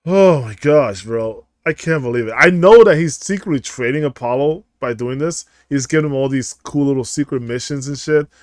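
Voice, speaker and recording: A young man commentating a game playthrough in a casual, animated, profane, laughing way. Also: medium pitch, moderate pace, hardly any pauses, dry recording, clean studio sound. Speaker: streamer.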